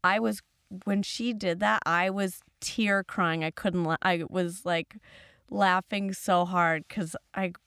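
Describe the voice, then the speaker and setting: A woman's voice: lowish voice, takes it slowly, clear, resonant tone, no room sound, clean studio sound. Giggly woman podcast host. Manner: giggly, animated. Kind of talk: casual podcast chat.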